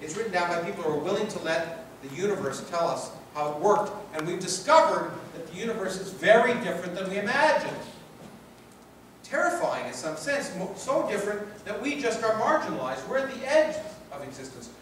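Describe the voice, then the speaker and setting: A man's voice: sits high, very animated, fairly quick, a bit bright, recorded from a distance, a little hiss or hum. A man with a Canadian accent giving a public lecture and reading from his book, emphatic and rhetorical, with phrases built up in repetition. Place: large lecture hall. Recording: echoey hall recorded from afar.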